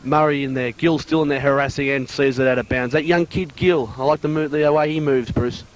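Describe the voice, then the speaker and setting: A man giving brisk play-by-play commentary on an amateur football match. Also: mid-range voice, steady tone.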